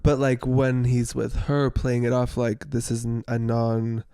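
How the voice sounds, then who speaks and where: A man's voice: medium pitch, completely flat delivery, measured pace, dark tone, clean tone, no room sound, clean studio sound. A man co-hosting a podcast, chatty and giggly, trailing off in fillers as he talks. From the American South. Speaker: podcast co-host. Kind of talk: casual chat.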